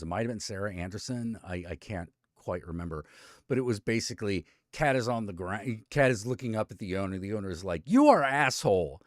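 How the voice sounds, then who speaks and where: An animated male streamer who swings his voice widely as he rants. He talks bluntly and swears a lot, in a dry room with no echo. His delivery is loose and conversational. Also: fairly low pitch. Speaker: streamer host. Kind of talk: casual live-stream commentary.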